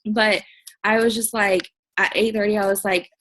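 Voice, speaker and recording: A woman's voice: medium pitch, level tone, normal speed, fairly bright tone, a little hiss or hum, low-quality recording. A young woman on a video call, chatting earnestly and casually with lots of fillers, encouraging her team. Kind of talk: casual motivational chat.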